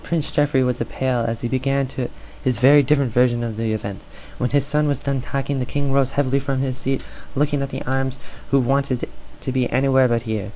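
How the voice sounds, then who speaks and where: A man's voice: medium pitch, steady tone, fairly quick, few pauses, mellow, slight background noise, rough recording. A man doing an amateur audiobook reading, stumbling over words and filling gaps with "uh". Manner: stumbling, filler-heavy reading. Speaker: reader.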